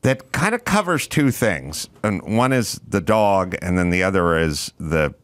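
A man hosting a casual talk show, ranting and telling stories with a lot of emphasis. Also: a little slow. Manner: lively, rants with big pitch swings. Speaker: podcast host. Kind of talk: casual chat.

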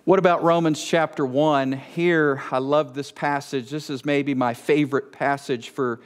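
A man delivers a Bible teaching in a voice that sits somewhat high for a man. He stays conversational and emphatic, and he teases his listeners with playful rhetorical questions. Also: fairly even intonation, unhurried. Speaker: Bible teacher and show host.

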